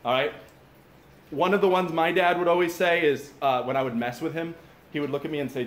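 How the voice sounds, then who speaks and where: At a father-son camp gathering, a pastor with a fairly high, fairly even voice preaches a brisk, informal sermon, speaking directly to his listeners and tossing in asides. The room echoes, with faint ambience and a little hiss or hum.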